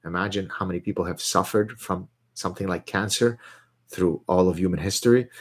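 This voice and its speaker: A middle-aged man hosting a live question session, talking in an animated, digressive way with frequent restarts. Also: deep voice, breathy edge. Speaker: host answering viewer questions. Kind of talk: live question-and-answer stream.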